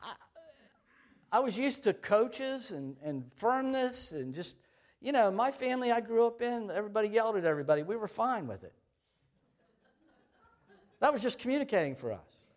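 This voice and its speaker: A middle-aged pastor preaching with a fairly high voice. He talks to the congregation in a loose, conversational way, pokes fun at himself and laughs often. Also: big pitch swings, normal speed, pauses often. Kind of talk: sermon.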